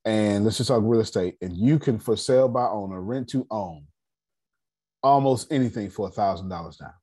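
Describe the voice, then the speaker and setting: A fairly low, husky man leads a personal finance class over a video call. He talks straight to his group in loose slang and keeps the pace animated. The sound comes through a call mic. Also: moderate pace. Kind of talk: casual teaching on a video call.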